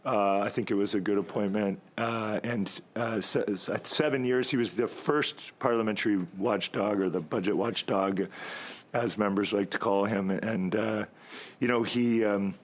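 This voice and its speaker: A man speaking as a member of parliament at a committee, delivering a long, halting floor speech with many pauses and a slightly hoarse voice, at times jabbing at his opponents. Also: fairly low pitch, steady tone. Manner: rambling, halting, stalling for time; argumentative toward opponents.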